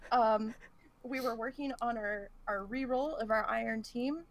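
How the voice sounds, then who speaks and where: A woman co-hosting a podcast, retelling a gaming mishap in a lively, laughing way. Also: fairly high pitch, a little slow. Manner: animated, laughs through the story. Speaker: podcast co-host. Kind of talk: casual storytelling chat.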